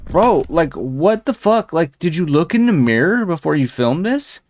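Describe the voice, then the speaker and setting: A man's voice: fairly high pitch, sing-song, normal speed, a little mellow. A man hosting a commentary show, crudely mocking a video with a rambling, sneering delivery full of fillers. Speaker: commentary host.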